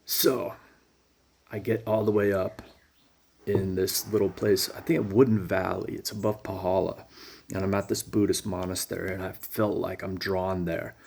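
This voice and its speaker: A man telling a rambling personal story in a casual, animated way. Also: low-pitched, normal speed, gravelly, slight background noise. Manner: animated, casual, jumps between thoughts.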